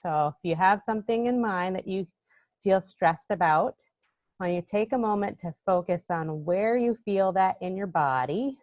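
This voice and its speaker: A woman's voice: medium pitch, moderate pace, a little mellow, no room sound. A woman teaches children over a video call, speaking to them directly in a cheerful, encouraging way. The sound is dry and a little dull. She keeps an easy, friendly pace. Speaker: EFT tapping instructor for children. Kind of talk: live virtual class for kids.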